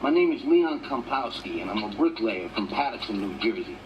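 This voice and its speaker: Man voicing a big gruff bricklayer, deadpan, animated intonation, distant TV sound. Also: fairly low pitch, moderate pace, slight background noise, close to an everyday voice. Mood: matter-of-fact. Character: big gruff male bricklayer, mental patient.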